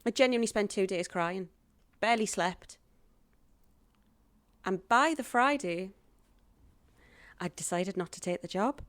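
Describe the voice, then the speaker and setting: In a podcast interview, a woman who acts and does stand-up tells her own stories, voicing the people she quotes with animated flair. Her mid-range voice is unhurried with long pauses, recorded dry.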